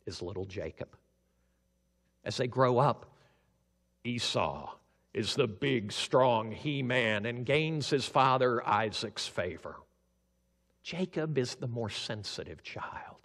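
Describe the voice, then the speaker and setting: Pastor, sermon storyteller, slow and animated, long hall echo. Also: male voice, medium pitch. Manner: animated, acts out characters.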